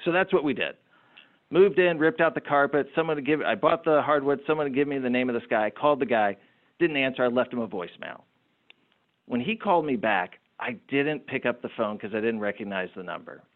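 A man's voice: mid-range voice, brisk. Storytelling man on a tinny line. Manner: animated anecdotal storyteller. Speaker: entrepreneur guest. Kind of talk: storytelling interview talk.

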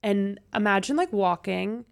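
A young woman telling stories on a podcast, enthusiastic and quick, with lots of fillers. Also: medium pitch, lively intonation, vocal fry, clean tone. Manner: enthusiastic, fast storytelling with many fillers. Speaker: podcast guest. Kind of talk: casual podcast chat.

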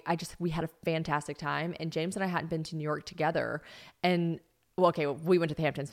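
Chatty woman, slightly low voice. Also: gravelly. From South Carolina, US. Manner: chatty, animated, swears casually, acts out voices in quotes. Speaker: podcast host. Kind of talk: casual solo podcast chat.

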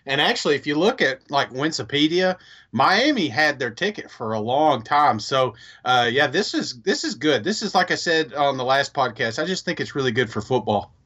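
A man's voice: mid-range voice, expressive, moderate pace, sharp tone. A man co-hosting a casual sports podcast, playful and laughing a lot. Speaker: podcast co-host.

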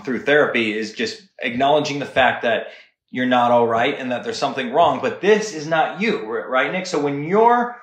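A man talking as a podcast guest, earnest and animated, often checking in with "right?". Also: mid-range voice. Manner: earnest, animated, talks fast with many "right?" asides. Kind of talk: casual podcast chat. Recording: roomy echo.

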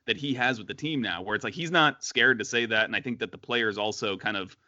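A man's voice: fairly low pitch, fast, pushed and bright, dry recording, highs cut off. A man co-hosting a casual sports podcast, chatty, with many fillers and restarts. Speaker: podcast co-host.

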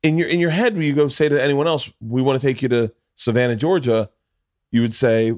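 A man in casual podcast chat, rambling through a story with lots of restarts and swearing. His voice sits at a middle pitch and his delivery stays loose and conversational. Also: a little fast, no room sound, studio quality. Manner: rambling, profane, restarts often, gets loud and laughs when excited. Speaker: podcast host.

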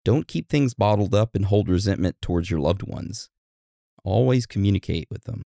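A man's voice: fairly low pitch, moderate pace, gravelly, warm tone, no room sound, studio quality. A man co-hosting a podcast in casual chat, laid-back and joking. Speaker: podcast co-host.

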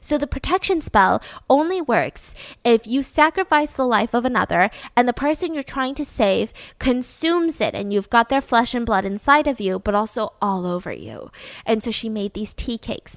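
A woman casually telling a dark story, chatty and blunt, with lots of filler words. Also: a little high, no echo.

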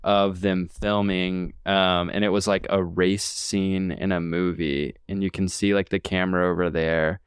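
Young male podcast co-host, lowish clean voice, loose rambling delivery full of fillers. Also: level tone, measured pace, hardly any pauses, smooth, no room sound, clean studio sound. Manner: rambling, filler-heavy, swears. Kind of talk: casual chat.

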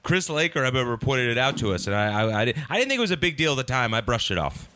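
A man's voice: medium pitch, sing-song, racing, bright, forceful tone, no room sound. A man co-hosting a podcast who laughs often and riffs along in casual banter. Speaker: podcast co-host.

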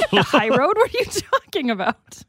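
A woman's voice: high voice, huge pitch swings, a little slow, fairly bright tone. A woman co-hosting a casual chat show, playful and teasing, laughing a lot. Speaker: podcast co-host.

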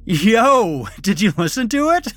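An actor voicing a brash, excitable young man who talks loud and quick in casual slang in a horror audio drama. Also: a little high, heavily acted.

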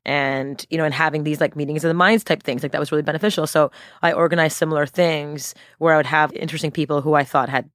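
Animated, laughing woman entrepreneur. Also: low voice, no room sound, studio quality. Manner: animated, laughing, quick bursts. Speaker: guest entrepreneur. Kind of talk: casual storytelling interview.

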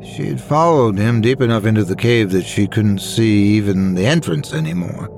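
A man reading scary stories as a dramatic, expressive narrator. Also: fairly low pitch, normal speed, over music. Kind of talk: scripted horror story narration.

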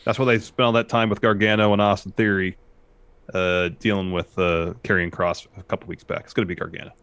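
A man's voice: deep voice, little pitch movement, a little fast, fairly bright tone, clean tone, no echo. A man co-hosting a podcast, walking through a wrestling recap in casual chat. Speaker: podcast co-host.

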